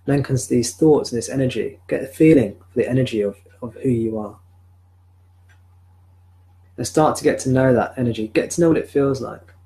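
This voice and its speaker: A man leading a live spiritual talk, guiding a listener with gentle, repeated questions. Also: mid-range voice, normal speed, pauses often. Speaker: spiritual teacher. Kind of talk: live satsang guidance. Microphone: video call or webcam.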